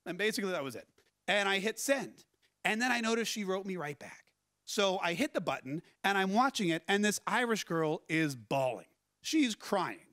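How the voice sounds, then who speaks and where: A man giving a conference keynote talk, telling stories in a lively, conversational way and putting questions to the audience. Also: high voice, normal speed, no room sound. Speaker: keynote speaker. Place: conference stage.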